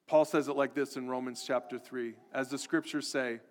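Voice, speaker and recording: A man's voice: mid-range voice, fairly even intonation, a little fast, few pauses. A man preaching a sermon as a pastor, earnest and repetitive, building emphasis as he goes. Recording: long hall reverb.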